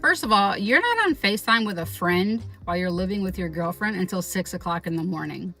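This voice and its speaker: Bright-voiced woman telling a story. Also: fairly low pitch, fairly quick, soft background music. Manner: animated, profane, quotes people in raised voice. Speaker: vlogger. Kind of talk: casual storytime.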